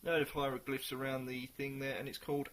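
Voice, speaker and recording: A man reviewing a beer in a casual, chatty way, sometimes pausing to search for the right words. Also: medium pitch, flat delivery, fairly bright tone.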